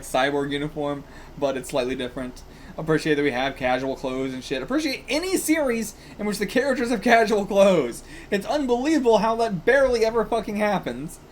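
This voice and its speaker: A man's voice: on the high side, slight background noise. Rambling man reacting to manga. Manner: rambling, swears and laughs often. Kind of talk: casual reaction while reading aloud.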